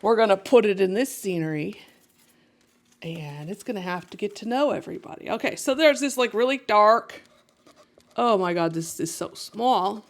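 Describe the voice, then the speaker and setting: A woman's voice: mid-range voice, animated, normal speed. A woman painter talking casually to viewers as she works, chatty and self-mocking, often laughing at herself.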